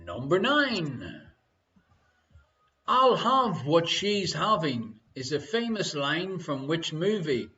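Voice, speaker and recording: An Irish quiz host with a rather high, bright, forceful voice is very animated yet speaks at a slow pace. Hosting live online from home, he jokes around, reads every question twice, and banters with his partner, over dull lo-fi stream audio.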